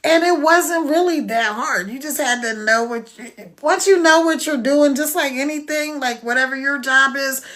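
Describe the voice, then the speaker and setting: An American woman talking casually to viewers on a live stream, chatty and persuasive as she pitches her online business program into a phone. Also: normal speed, hardly any pauses, a bit bright. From United States.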